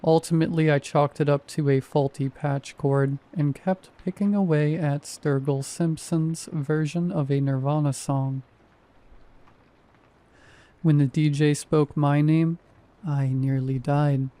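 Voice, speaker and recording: A man in his thirties narrates a first-person horror story with dry, deadpan wit. His voice sits slightly high with a dark, mellow tone, and he keeps an even, measured pace.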